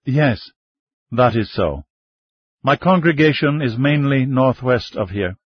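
A man reading a calm, dignified older minister. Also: medium pitch, slow, breathy edge. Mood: measured. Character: dignified male Chinese Baptist minister in his fifties, calm. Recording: dull lo-fi dry recording.

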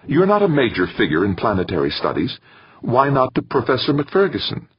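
A man's voice: medium pitch, wildly swooping pitch, a little fast, slightly rough, no room sound, dull audio, voice pushed up, full character voice. A man reading a blunt, intense young woman. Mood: probing. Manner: blunt, probing questions. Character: intense young female scientist.

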